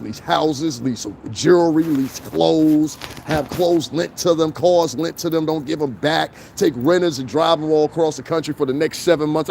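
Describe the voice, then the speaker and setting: A slightly high, darkish voice with a little hiss or hum belongs to a middle-aged New York man hosting a casual livestream. He stands outdoors in the cold on a city street, reading comments and wandering into loose, profane stories.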